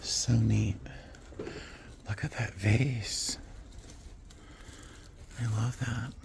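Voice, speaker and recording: A man vlogging from inside an antique store, gushing excitedly over finds and often dropping to a whisper to himself. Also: on the low side, drawn-out words, gravelly, noisy background. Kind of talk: casual vlog commentary.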